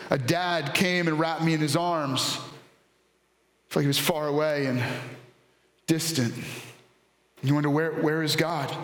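A man's voice: a little high, fairly bright tone, a little hiss or hum. A man in his thirties preaching a sermon as a pastor, telling candid, self-deprecating stories about family life. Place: church auditorium. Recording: echoey church hall.

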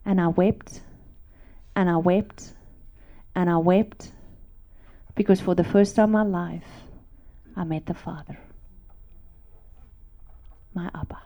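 A woman giving an emotional Christian testimony, repeating words for emphasis and often dropping to a hushed whisper. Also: fairly low pitch, fairly even intonation, takes it slowly, pauses often, dull audio. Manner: drops to hushed whispers, then rises to emphatic repetition.

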